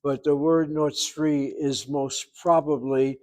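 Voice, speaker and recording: A man teaching a Hebrew grammar lesson, explaining patiently and repeating words slowly to show how they sound. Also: fairly high pitch, level tone, darkish tone, rough recording. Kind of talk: classroom grammar lecture.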